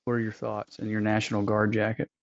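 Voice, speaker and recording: A man's voice: on the low side, monotone, fast talker, no echo. A man hosting a casual podcast chat, joking and rambling, a little self-deprecating. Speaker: podcast host. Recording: dull, slightly lo-fi remote audio.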